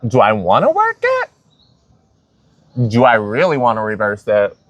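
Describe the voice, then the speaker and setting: A man voicing a hesitant man perched up high, musing aloud over whether a choice is worth making. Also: wildly swooping pitch, measured pace, fairly bright tone, no room sound, lo-fi sound, full character voice. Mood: doubtful. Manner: doubtful, musing questions.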